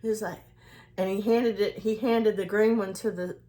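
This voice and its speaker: A woman's voice: medium pitch, fairly even intonation, normal speed, dark tone. A woman vlogger telling a casual story to her viewers, rambling along with many restarts and fillers as she talks to the camera. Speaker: skincare and self-care vlogger.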